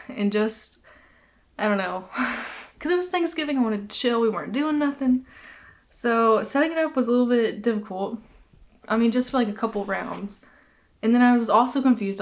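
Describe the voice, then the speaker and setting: A young woman hosting a knitting podcast, chatting casually, laughing often and a little out of breath. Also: fairly high pitch. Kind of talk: casual chat.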